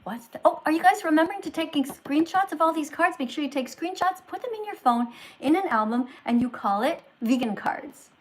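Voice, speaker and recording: High-voiced woman hosting a livestream in a teacher role; moralizing, scolding lecture. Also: expressive, a little fast, rough recording. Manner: scolding, moralizing, swings loud to soft. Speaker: livestream host posing as a teacher.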